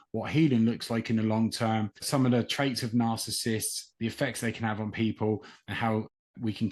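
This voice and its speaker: A man hosting a podcast, welcoming his guest back and asking questions in a slow, hesitant way. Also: on the low side. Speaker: podcast host. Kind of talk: podcast interview.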